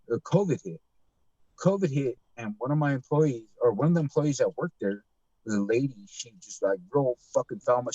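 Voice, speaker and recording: A man telling a long story in casual, profane chat, animated and swearing often, with a dull lo-fi mic sound. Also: medium pitch, no echo.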